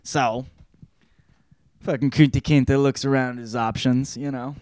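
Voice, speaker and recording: A man's voice: medium pitch, steady tone, a little slow, a little mellow, dry recording, studio quality. A man hosting a podcast, giving a casual spoken book report in a rambling, joking way with lots of swearing. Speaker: podcast host.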